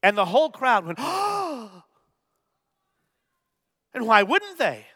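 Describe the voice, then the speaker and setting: A man preaching a sermon, swinging from loud, emphatic bursts to hushed, near-whispered lines. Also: sits high, sing-song, brisk, big-room sound. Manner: acts out gasps for effect. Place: church.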